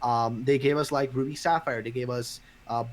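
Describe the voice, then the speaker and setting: A man's voice: medium pitch, moderate pace. A man hosting a podcast in casual chat, ranting with lots of swearing. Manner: profane, ranting, animated. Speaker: podcast host.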